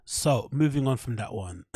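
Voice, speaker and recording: A man's voice: medium pitch, vocal fry, dark tone, slightly rough, no echo, studio quality. A man, hosting a casual podcast and rambling in a chatty, self-mocking way with lots of swearing. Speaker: podcast host.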